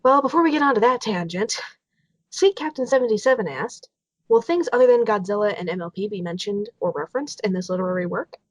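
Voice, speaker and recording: Here the illustrator co-hosting the casual Q&A has a mid-range, expressive voice and talks fast, bubbly and giggling as she reads reader questions. There's no room sound, though the home mic recording is dull.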